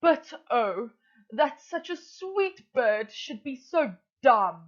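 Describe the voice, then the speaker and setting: A sly, flattering male fox, played by a woman reading to her class, drawing out his sweet words slowly. His pitch rises and falls in a lively way. The audio is dull and lo-fi. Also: heavily acted. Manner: slow, sugary, flattering. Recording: dull lo-fi recording.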